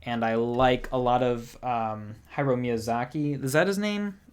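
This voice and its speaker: A man's voice: mid-range voice, measured pace, clear, resonant tone. A young man hosting a casual music livestream, rambling in a chatty way and reading out viewer comments. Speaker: music channel host.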